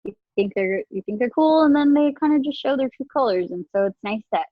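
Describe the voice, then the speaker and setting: A woman's voice: on the high side, lively intonation, fairly quick, no room sound. Podcast co-host, woman, casual and chatty with many fillers, dry and slightly muffled remote-call sound. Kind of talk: casual chat. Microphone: video call. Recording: dull lo-fi remote call audio.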